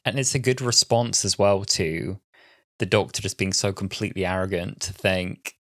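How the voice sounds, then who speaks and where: A man's voice: low-pitched, normal speed. A man in his twenties co-hosting a podcast, chatting casually and playfully. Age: 20s. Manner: playful, acts out quotes in silly voices. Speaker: podcast co-host. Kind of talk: casual chat.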